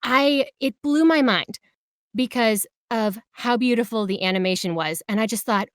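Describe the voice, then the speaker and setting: A woman voice actor telling her story in a casual interview, animated and acting out quoted voices with big jumps. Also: a little high, normal speed, no room sound, clean studio sound.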